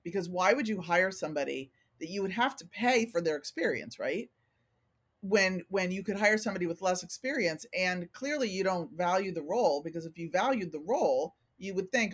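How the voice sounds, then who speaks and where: A woman's voice: lowish voice, fairly quick, breathy edge. A middle-aged woman consultant speaking candidly as a guest in a casual interview, acting out what people say to her. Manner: candid, animated, acts out quoted remarks. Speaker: organizational consultant, podcast guest.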